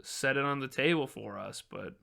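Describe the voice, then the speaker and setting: A man's voice: medium pitch, moderate pace, gravelly, bright, forceful tone. A man narrating as game master of a tabletop game in a loose, filler-heavy way, voicing the townsfolk himself.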